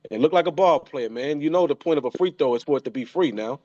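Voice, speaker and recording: A man's voice: fairly high pitch, expressive, fast talker, darkish tone, dry recording, muffled recording. A man in his thirties paying an emotional tribute to his father, often repeating and restarting his phrases. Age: 30s. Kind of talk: heartfelt spoken tribute.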